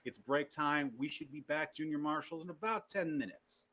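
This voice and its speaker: A man's voice: a little high, moderate pace, sharp tone. A man acting as game master, narrating in character and playfully stumbling over his words.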